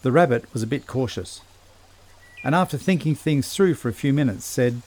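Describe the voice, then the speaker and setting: A man narrating a children's story in a gentle, measured storytelling voice. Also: mid-range voice, lively intonation.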